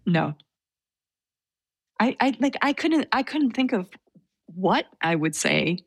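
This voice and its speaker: A woman's voice: mid-range voice, sing-song, takes it slowly, breathy edge, no echo. A woman recounting a personal story in a casual interview, hesitant and self-deprecating, with frequent fillers and small laughs.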